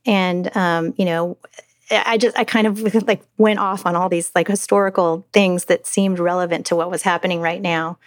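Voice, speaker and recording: A middle-aged woman recounts a family story in an interview, her voice sitting on the lower side. She speaks haltingly, restarting phrases and filling gaps. The sound is dry and close. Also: fairly even intonation, dry recording. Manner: halting, many restarts and fillers. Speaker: mother telling her story. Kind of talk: personal interview account.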